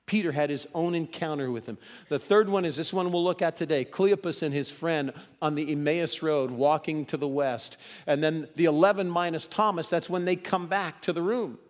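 A man preaching a sermon, moving between loud emphasis and hushed, dramatic quotes. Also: fairly high pitch, moderate pace, few pauses, in a large hall.

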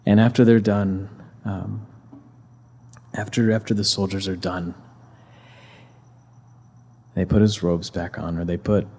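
A man's voice: low voice, level tone, measured pace, long pauses, a little mellow, breathy edge. A man casually retelling a scripture story as a preacher, conversational, with many fillers and restarts.

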